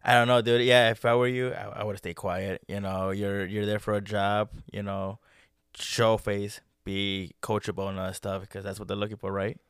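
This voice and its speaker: A man with a fairly low voice co-hosts a laid-back podcast. He mostly reacts and agrees in a relaxed way. His voice is recorded dry, with no room echo. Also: normal speed, clear, resonant tone. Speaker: podcast co-host. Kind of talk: casual chat.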